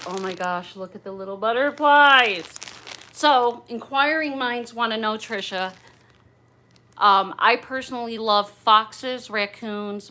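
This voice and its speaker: A woman's voice: medium pitch, fairly bright tone, a little hiss or hum. A middle-aged woman chatting on a livestream as she opens gifts, gushing, bubbly and a little raunchy. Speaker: livestream host opening gifts.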